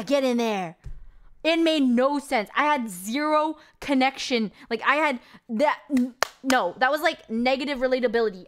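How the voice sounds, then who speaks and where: Her voice high and fairly bright, a young woman streamer chats casually while recapping a movie. The story runs long and rambling, told with disbelief and plenty of filler words.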